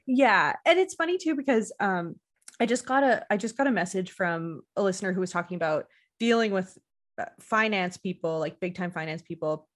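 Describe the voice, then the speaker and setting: A woman's voice: mid-range voice, expressive, a little fast. A woman hosting a podcast, chatting casually with lots of fillers and frequent laughter. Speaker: podcast host. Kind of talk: casual chat.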